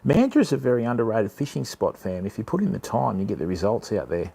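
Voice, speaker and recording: A man's voice: lowish voice, big pitch swings, brisk, creaky, hardly any pauses, warm tone, a little hiss or hum. Chatty Australian man on a livestream. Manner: chatty, greets viewers by name, calls them mate and fam. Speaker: fishing livestream host. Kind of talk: casual live stream chat.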